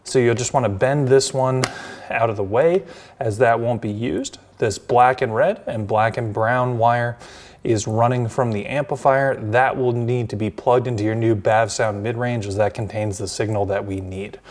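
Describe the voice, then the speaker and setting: A man's voice: medium pitch, a little slow. Casual man explaining a hands-on install. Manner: relaxed, conversational, with frequent ums and uhs. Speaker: installation instructor. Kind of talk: step-by-step how-to demonstration.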